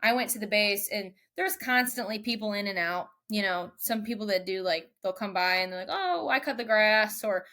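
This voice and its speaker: A young woman, a mechanic guest on a podcast, telling a story casually and lively, quoting others in raised voices. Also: mid-range voice, fairly quick, hardly any pauses.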